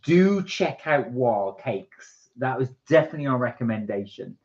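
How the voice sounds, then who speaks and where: A man's voice: mid-range voice, big pitch swings, normal speed, darkish tone. A man co-hosting a live stream, chatting casually and reading out viewer comments with jokes. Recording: dull lo-fi stream audio.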